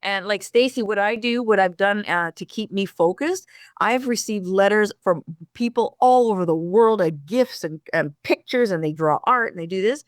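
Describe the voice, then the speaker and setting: A woman co-hosting a podcast, telling stories in a lively way with many restarts. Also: medium pitch, moderate pace, no room sound, clean studio sound. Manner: animated storyteller, frequent restarts. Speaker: podcast co-host. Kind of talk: casual conversation.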